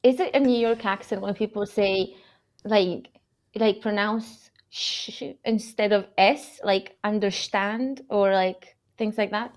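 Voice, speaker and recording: A woman's voice: medium pitch, fairly even intonation, slow pace. A woman, chatting casually as a livestream guest and laughing often. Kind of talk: casual chat.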